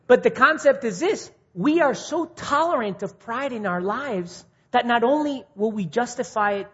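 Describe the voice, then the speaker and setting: A husky-voiced man preaches to a gathering of men in a plain, conversational way, earnest and direct. He often lifts his voice for emphasis and then sinks low and quiet. The recording sounds dull and muffled. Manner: earnest, rising to indignant mimicry, then dropping quiet. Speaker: speaker at a men's ministry meeting. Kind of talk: informal sermon.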